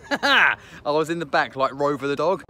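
A man's voice: a little high, big pitch swings, unhurried, sharp tone. A man vlogging a family day out, joking and chuckling at his own lines as he films. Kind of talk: casual vlog chat. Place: outdoors at a park and in a car.

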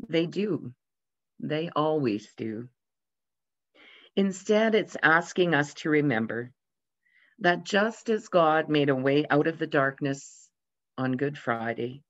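Pastor, sermon, gentle storytelling, mid pitch, dull recording. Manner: gently storytelling, lively voices for quoted characters. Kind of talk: sermon with humorous anecdotes. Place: church. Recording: dull lo-fi sound.

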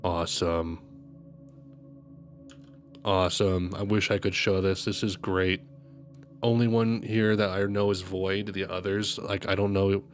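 A man streaming live as he reads a comic and reacts to it, gushing and excitable. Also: lowish voice, moderate pace, soft background music.

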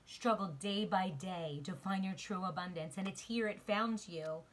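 A woman's voice: medium pitch, unhurried, hardly any pauses. Emotional woman giving a tarot reading. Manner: emotional, swings from murmured to excited exclamations. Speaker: tarot card reader. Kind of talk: spiritual tarot reading to viewers. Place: outdoors.

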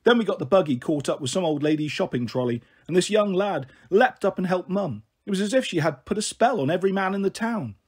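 Husky high-voiced male storyteller. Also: animated, fast, hardly any pauses. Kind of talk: storybook reading.

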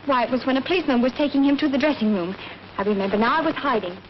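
A woman's voice: high voice, expressive, rapid-fire. An actress playing a frightened young woman with a Southern drawl, hiding from the police, in a breathless, pleading 1930s film style. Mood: hesitant. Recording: dull, faintly hissy old film soundtrack.

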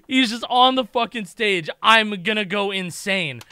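A young man giving casual gameplay commentary, excitable, laughing often and swearing, breaking into shrieks when something amuses him. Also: high voice, unhurried, hardly any pauses, smooth, dry recording, faint music behind. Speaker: gaming YouTuber.

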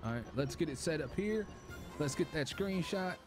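A man talks through a cooking game in a flustered, panicky way, speaking straight to his viewers. His voice sits a little high for a man. Loud game music plays behind him. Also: expressive, moderate pace. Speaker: gaming YouTuber. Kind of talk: casual gameplay commentary.

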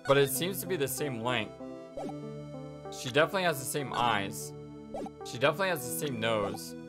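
A woman's voice: extremely low pitch, animated, moderate pace, music in the background. A woman host chatting casually while playing a story game, musing aloud. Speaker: let's play host.

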